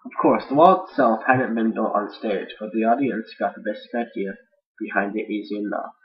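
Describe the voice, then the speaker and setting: A man's voice: lowish voice, a little fast. A man casually reading a fan-fiction story aloud without edits, rambling with jokey asides and stumbling over words, on a dull lo-fi home mic.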